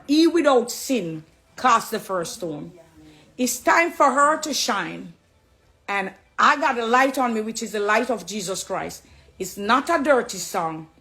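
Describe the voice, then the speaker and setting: A middle-aged Jamaican woman talking straight to her viewers, preachy and affectionate, slipping between English and patois. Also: a little high. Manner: warm, preachy, switching into patois. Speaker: dancehall artist turned Christian. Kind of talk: direct address live video.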